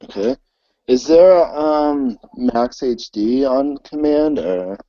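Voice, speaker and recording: A man narrating as game master for a tabletop game, talking in a halting way with many ums and restarts. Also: mid-range voice, warm tone, no echo, highs cut off.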